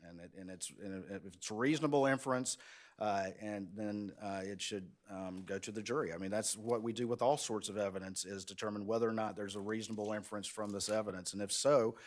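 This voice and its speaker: A man, a prosecutor making an oral argument before an appeals court, earnest, with frequent restarts that build into a steady push. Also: lowish voice.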